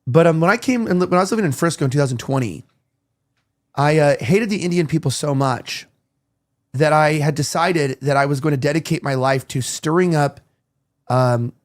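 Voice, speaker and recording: A man's voice: a little high, moderate pace. A male podcast host in casual chat, rambling as he tells stories and acts out quoted dialogue.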